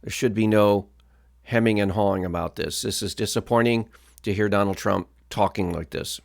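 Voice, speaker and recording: A man's voice: fairly low pitch, steady tone, moderate pace, vocal fry. A male pastor giving political commentary in a firm, blunt, moralizing way.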